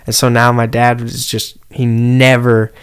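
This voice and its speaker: A man with a smooth, resonant voice talks casually as a podcast guest, swearing freely as he rambles through a story. His pitch sits in an ordinary middle range. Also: monotone, unhurried. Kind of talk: casual chat.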